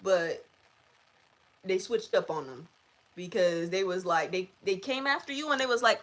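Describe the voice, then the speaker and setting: A woman hosting a live collective tarot reading, chatty and animated, often laughing. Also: mid-range voice, moderate pace, pauses often. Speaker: tarot reader.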